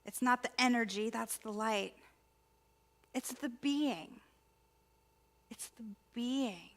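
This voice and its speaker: A woman, a spiritual practitioner, giving an inspirational sermon in a conversational, expressive way with repeated emphasis. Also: on the high side, slow. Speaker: spiritual practitioner and ministry student speaker.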